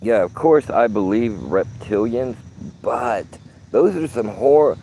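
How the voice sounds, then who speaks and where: A man's voice: medium pitch, lively intonation, slow, dark tone, slight background noise. A man talking casually to his phone camera in a park, rambling and swearing with streetwise slang. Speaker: vlogger.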